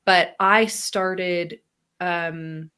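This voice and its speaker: A woman's voice: very slow, clear, resonant tone. A woman co-hosting a casual, reflective podcast conversation, talking animatedly and acting out quoted voices with laughs. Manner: animated, acts out quoted voices with big pitch jumps, laughs often. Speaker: podcast co-host.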